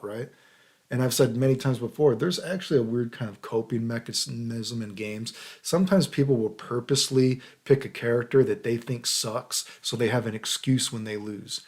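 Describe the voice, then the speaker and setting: A man's voice: medium pitch, moderate pace, darkish tone. A man hosting his own channel, ranting heatedly into a computer microphone, swearing and often asking "right?". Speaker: channel host. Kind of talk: unscripted ranting monologue.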